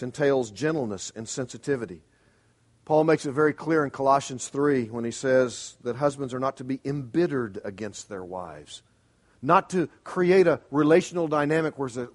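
A middle-aged man preaching a sermon as pastor, earnest and emphatic, pressing his congregation with pointed rhetorical questions. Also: medium pitch.

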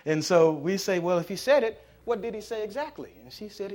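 A man, a pastor, preaching a conversational sermon that builds into loud, emphatic passages. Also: sits high, a little fast, few pauses.

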